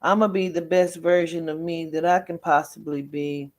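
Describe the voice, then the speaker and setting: A woman hosting a live stream, talking straight to her viewers in a blunt, forceful way. She swears freely, hammers home her warnings over and over, and calls out commenters by name as she goes. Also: deep voice, steady tone, normal speed. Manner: blunt, emphatic and profane; lectures sternly with repeated warnings. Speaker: livestream host.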